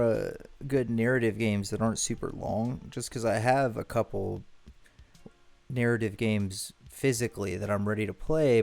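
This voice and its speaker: Gravelly-voiced man streaming a game. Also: on the low side, darkish tone. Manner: rambling, self-correcting, swears casually. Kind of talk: casual gameplay commentary.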